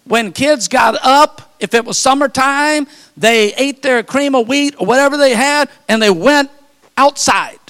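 An older man preaching a sermon, telling folksy stories and building to fervent, shouted appeals. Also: very high-pitched, a little slow, clear, resonant tone. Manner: fervent, rising to shouted calls; folksy storytelling with repeated phrases.

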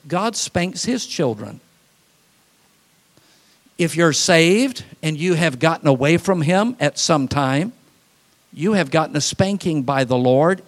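A man preaching a sermon as pastor, folksy, with quick asides and acted-out voices. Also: on the high side.

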